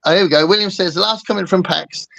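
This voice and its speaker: A man's voice: sits high, quick pace, gravelly, a bit bright, no echo, muffled recording. A man hosting a casual chat, rambling and joking with lots of fillers. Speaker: host.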